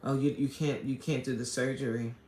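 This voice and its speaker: A woman's voice: rumbling low, fairly even intonation, a little fast, darkish tone, a little hiss or hum. A fitness coach, chatting casually on a live stream as she reads viewer comments and answers them. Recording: echoey room.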